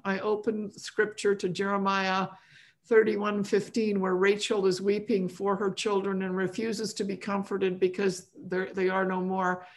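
A middle-aged woman hosting a podcast, friendly and chatty in casual conversation. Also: medium pitch. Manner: friendly, reads listener questions aloud. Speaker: podcast host.

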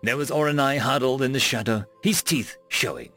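A man narrating a science fiction story in a measured, expressive reading. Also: medium pitch, soft background music.

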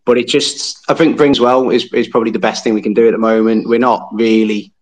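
A man's voice: medium pitch, fairly even intonation, brisk. A man calling into a podcast, wry and rambling with dry humour, on a phone. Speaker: phone-in guest, football fan. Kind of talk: casual chat.

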